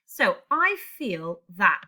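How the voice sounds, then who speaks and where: A woman's voice: mid-range voice, big pitch swings, slow pace, pushed and bright. A woman teaching a language lesson online, explaining step by step and putting questions to her class. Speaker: English teacher.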